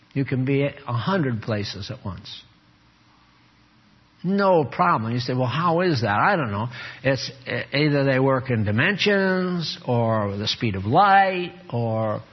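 Man, preacher, animated sermon, husky voice, muffled lo-fi recording. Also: mid-range voice. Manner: animated, teasing, calls on listeners by name. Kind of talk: sermon to a small group.

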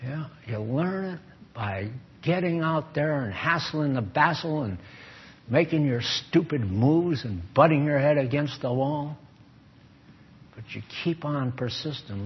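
Older male pastor, husky, unhurried sermon delivery, lo-fi church recording. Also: on the high side, animated. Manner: folksy, emphatic, shifts into mock voices and prayer.

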